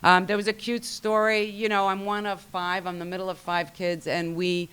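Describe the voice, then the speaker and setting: Smooth-voiced woman telling a wry story. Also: mid-range voice, level tone, normal speed, a bit bright. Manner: wry, self-mocking storytelling, acting out family quotes. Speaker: recovery meeting speaker. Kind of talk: personal story shared at a recovery meeting.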